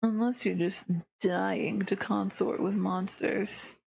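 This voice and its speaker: A woman's voice: medium pitch, slow pace, vocal fry, a little hiss or hum. A woman voicing a languid, sneering young male monster, drawling every line with derision while reading a visual novel aloud. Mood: derisive.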